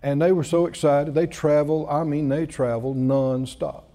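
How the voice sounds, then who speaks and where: A man's voice: a little high, steady tone, normal speed, warm tone. A male preacher delivering a sermon, telling a story with laughter and rising exclamations. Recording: reverberant hall.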